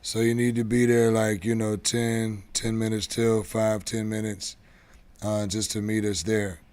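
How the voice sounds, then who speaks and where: A man's voice: on the low side, little pitch movement, a little slow, a little mellow. A man hosting a casual livestream giveaway show, talking in a loose, rambling way and swearing offhandedly. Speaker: show host.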